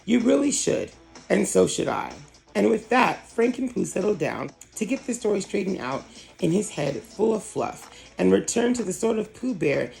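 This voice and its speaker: A storybook reader narrating a children's tale with an animated, swinging delivery and a heavily gravelly voice. Faint music plays underneath. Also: medium pitch, rough recording. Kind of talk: reading a children's storybook aloud.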